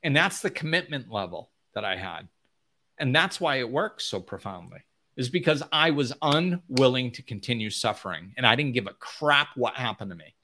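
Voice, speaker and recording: A man giving an unscripted motivational talk as a spiritual teacher, blunt and emphatic, often mimicking whiny voices in a high pitch. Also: sing-song, normal speed, pushed and bright.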